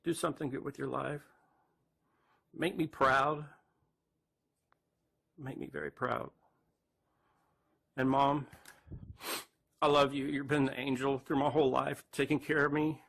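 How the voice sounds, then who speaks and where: A distraught man, speaking haltingly to camera near tears and repeating himself. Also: mid-range voice, little pitch movement, vocal fry, a bit bright. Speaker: man recording a farewell video. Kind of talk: emotional direct-to-camera confession.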